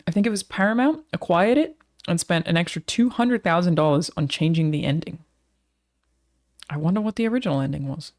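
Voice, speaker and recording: A woman's voice: low voice, a little mellow. An Australian woman streamer chatting casually with her live audience, swearing freely as she talks.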